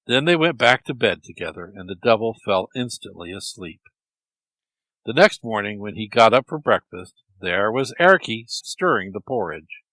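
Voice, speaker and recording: A man telling a folk tale in a lively, expressive storytelling manner. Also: lowish voice, moderate pace, no echo, low-quality recording. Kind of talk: storytelling narration.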